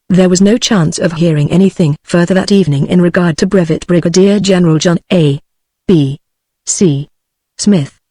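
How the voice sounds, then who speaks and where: A woman's voice: lowish voice, no echo. A text-to-speech woman's voice with a British English accent, evenly narrating an audiobook. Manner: even synthetic reading, reads punctuation aloud.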